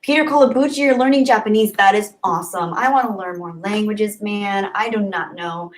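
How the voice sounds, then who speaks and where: A woman hosting a casual livestream, chatty and upbeat, thanking viewers by name and often trailing off softly. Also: mid-range voice, brisk, poor audio. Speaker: livestream host. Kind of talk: casual live chat reading comments.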